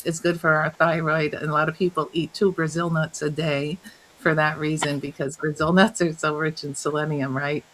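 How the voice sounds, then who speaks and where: A woman guest, a health coach, telling stories in an interview, animated and laughing often as she acts out what others said. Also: low-pitched, normal speed, a little hiss or hum, low-quality recording. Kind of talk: storytelling in an interview.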